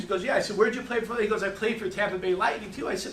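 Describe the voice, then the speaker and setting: A middle-aged man leads a sales training session and talks fast in stories, often restarting his sentences. His voice sits high and sounds bright and forceful. He is picked up from some distance in an echoey room. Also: fairly even intonation, a little hiss or hum. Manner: fast storytelling with lots of restarts. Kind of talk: motivational training talk.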